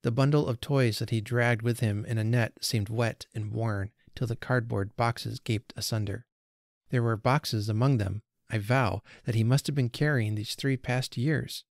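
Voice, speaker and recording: A man hosting a podcast, reading a story aloud in measured, unhurried narration. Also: mid-range voice, steady tone, vocal fry, no echo, studio quality. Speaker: podcast host.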